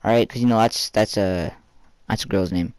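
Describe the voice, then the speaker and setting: A man's voice: on the low side, moderate pace, a little mellow, clean tone, no echo. A teenage boy telling a rambling personal story for a vlog, full of fillers and casual swearing.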